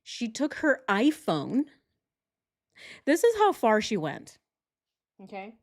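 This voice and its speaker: A woman's voice: a little high, wildly swooping pitch, slow, darkish tone. A woman hosting a true crime reaction video, chatting casually in a sarcastic, emphatic way.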